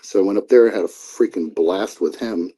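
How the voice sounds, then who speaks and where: A man's voice: low-pitched, moderate pace, warm tone, slightly rough. A middle-aged man as an interview guest, telling stories casually, swearing freely and acting out the dialogue. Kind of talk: casual storytelling.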